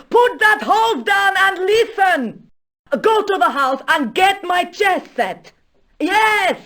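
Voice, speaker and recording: A haughty aging countess with a Spanish accent in a video game. She speaks slowly and grandly in a lowish voice that swoops widely, breaking into commanding shouts. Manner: stately, slow and theatrical, bursts into shouts.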